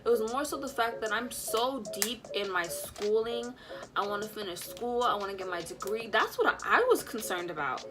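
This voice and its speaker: A young woman casually retelling a personal story, animated and full of fillers, acting out what people said. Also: mid-range voice, moderate pace. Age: young adult. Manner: animated, lots of fillers, acts out quotes. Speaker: vlogger.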